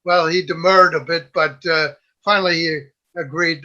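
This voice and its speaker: Bright-voiced old veteran spinning a yarn. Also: male voice, on the high side, moderate pace. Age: older. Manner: lively storyteller, quotes others in raised voice, laughs at own tale. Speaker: WWII veteran guest. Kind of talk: telling a war story. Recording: dull lo-fi audio.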